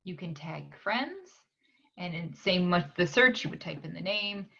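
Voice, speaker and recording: Library tutor, woman, lowish voice; slow screen-share walkthrough with frequent "um" pauses; slightly dull lo-fi recording. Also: animated, creaky, fairly bright tone. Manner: unhurried, frequent "um" pauses while clicking.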